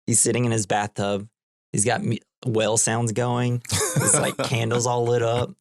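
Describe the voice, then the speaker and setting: A man's voice: medium pitch, little pitch movement, a little slow, darkish tone, no echo. Co-host, male, easygoing rambler recapping scenes, dry close-mic sound. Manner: rambling retelling, full of "like" and "it's like". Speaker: podcast co-host. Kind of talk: casual movie-recap chat.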